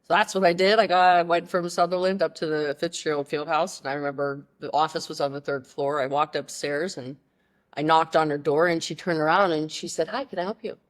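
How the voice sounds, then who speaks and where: A woman in her thirties from the Pittsburgh area, a podcast guest telling her story in a casual, animated way with many fillers and restarts. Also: deep voice, fairly quick.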